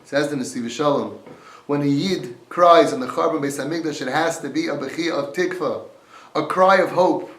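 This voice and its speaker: A man delivers an impassioned Torah talk, reading out Hebrew sources and explaining them in English. His voice sits fairly high, and the recording carries a noticeable roomy echo. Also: moderate pace, fairly bright tone. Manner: impassioned, quoting Hebrew texts and translating them. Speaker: Torah teacher.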